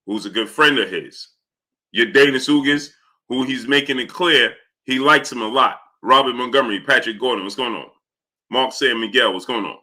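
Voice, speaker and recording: A man's voice: medium pitch, pushed and bright. A man hosting a casual live stream, talking through his point while he greets viewers by name from the chat.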